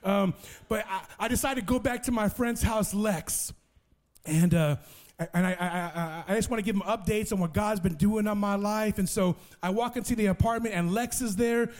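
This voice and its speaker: A man with a notably high voice for a man delivers a sermon testimony. He tells it as a lively story, often repeating words as he restarts a thought. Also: moderate pace. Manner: lively storyteller who acts out other people's voices. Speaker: preacher sharing a testimony.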